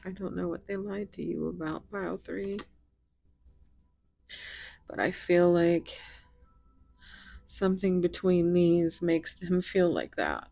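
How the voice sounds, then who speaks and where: A woman doing a pick-a-card tarot reading, talking in a soft, musing way that drifts into whispers. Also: on the low side, expressive, takes it slowly, gravelly, long pauses, no room sound. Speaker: tarot reader.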